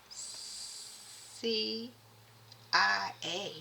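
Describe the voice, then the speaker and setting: A woman doing a casual spiritual reading, chatting to her viewers and haltingly reading text aloud. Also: mid-range voice, gravelly, sharp tone, a little hiss or hum. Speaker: spiritual reader addressing viewers.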